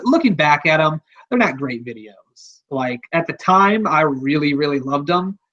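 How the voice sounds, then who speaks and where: A man's voice: fairly high pitch, fairly bright tone, low-quality recording. A man hosting a podcast, talking in a rambling, offhand, casual way and swearing freely. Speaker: podcast host.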